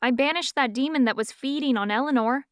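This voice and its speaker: A defiant young witch who bristles at every slight, voiced by a woman narrator. Her lines sit a touch higher and snap back quickly. The voice is smooth and dry. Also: no room sound, lightly acted. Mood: indignant. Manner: indignant, spluttering. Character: hot-tempered young witch, indignant and defiant.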